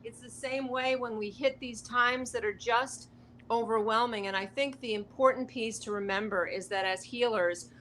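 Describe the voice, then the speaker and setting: A woman's voice: on the high side, steady tone, moderate pace, a bit bright, a little hiss or hum. A woman speaking as a wellness guest on a talk show, passionate and heartfelt in an earnest motivational way.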